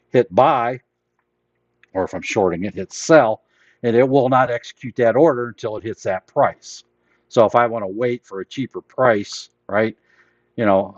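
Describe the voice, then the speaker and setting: A man's voice: fairly low pitch, no room sound, muffled recording. A man hosting a live trading lesson, explaining orders in a rambling, plain-spoken way while losing his voice. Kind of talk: casual live teaching.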